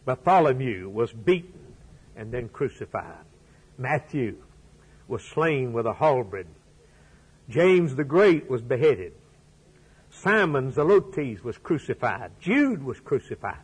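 Male preacher, husky, unhurried delivery, dramatic swings from loud to hushed. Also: mid-range voice, big pitch swings, low-quality recording. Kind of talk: sermon.

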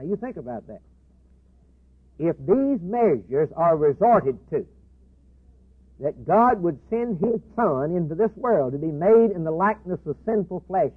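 Impassioned man preaching over tinny audio. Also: a little high. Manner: impassioned, repetitive, swinging between loud declarations and hushed asides. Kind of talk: sermon. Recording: tinny phone-like band, husky.

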